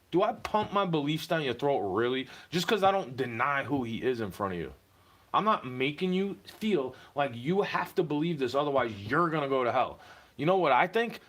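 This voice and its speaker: A man's voice: fairly high pitch, fairly bright tone. Profane, heated young man ranting to camera. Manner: profane, heated ranting with mocking put-on voices.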